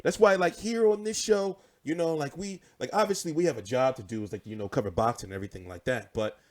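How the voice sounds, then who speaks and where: A young man in his 20s chats on a casual livestream for his boxing show, profane and animated as he spins stories. His voice is mid-range and he talks quickly.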